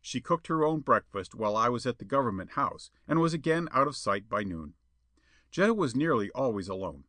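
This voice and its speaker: Expressive male audiobook narrator. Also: mid-range voice, fairly quick, dry recording. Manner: expressive, lively storytelling. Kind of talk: audiobook reading of a pulp adventure tale.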